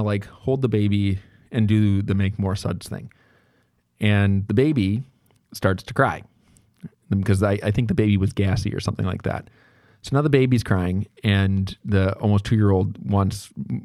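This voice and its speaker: This man in his thirties hosts a solo podcast, his voice lowish and slightly mellow, recorded at studio quality with no room sound. He talks in a rambling, candid way, correcting himself and frequently restarting his sentences.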